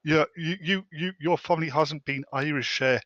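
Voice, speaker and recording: Guy cracking jokes on a podcast, bit high voice, dry muffled call audio. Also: moderate pace, a bit bright, dry recording. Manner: tells jokes, fumbles for words. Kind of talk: casual group chat.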